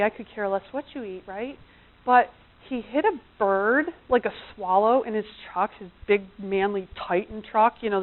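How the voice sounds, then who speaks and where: Chatty woman presenter on a tinny line. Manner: chatty, acts out quotes with big high bursts. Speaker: seminar presenter. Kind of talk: live seminar talk. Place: seminar room. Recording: tinny phone-like sound.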